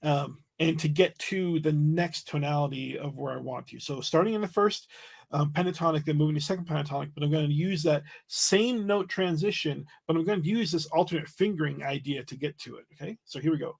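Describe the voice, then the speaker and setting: Husky-voiced man teaching a flute lesson. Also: fairly high pitch, fairly quick. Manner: relaxed explanatory teaching, frequent "right?" check-ins. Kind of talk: livestream music lesson.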